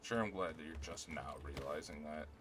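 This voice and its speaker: A man's voice: extremely low pitch, moderate pace. A man streaming a video game, muttering casual, mildly grumbling remarks as he plays. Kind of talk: casual gameplay commentary. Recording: streaming mic with background noise.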